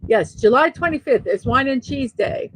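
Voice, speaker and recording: A woman's voice: high voice, lively intonation, normal speed, breathy edge, dry recording, low-quality recording. A middle-aged woman hosting a daily morning show, chatting casually and laughing at her own jokes. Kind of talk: casual solo show, reading memes aloud.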